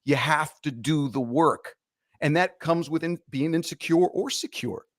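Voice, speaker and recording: A man's voice: fairly high pitch, a little slow, no room sound, clean studio sound. A man speaking as a podcast guest, giving emphatic, punchy motivational advice. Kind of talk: motivational talk in an interview.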